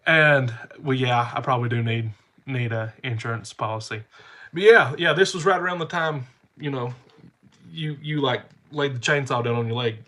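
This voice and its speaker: A man's voice: mid-range voice, normal speed, sharp tone. A man telling rambling, folksy stories to his camera while stuffy-nosed from a cold. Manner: rambling, repeats himself, folksy. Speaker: channel host. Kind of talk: casual storytelling to camera.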